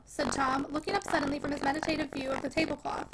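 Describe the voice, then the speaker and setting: A woman reading a classic novel aloud in an expressive audiobook narration. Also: high voice, rapid-fire, hardly any pauses. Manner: expressive, dramatic. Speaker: audiobook reader. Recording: noisy home recording.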